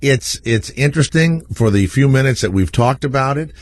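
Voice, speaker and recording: A man's voice: medium pitch, lively intonation, moderate pace, no room sound. A man hosting a radio talk show, joking and rambling with restarts as he takes calls.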